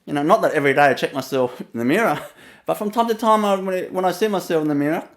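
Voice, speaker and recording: Man, Vietnamese accent, fairly high voice, spiritual teacher, storytelling talk, frequent chuckles, many fillers. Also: animated, racing. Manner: laughs often between phrases, hesitant with many fillers.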